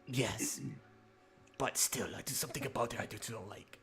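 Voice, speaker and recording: A man voicing a small, suspicious talking pet mouse who speaks quietly and stiffly. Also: mid-range voice, moderate pace, faint music behind, pitched above the performer's own voice, close to an everyday voice.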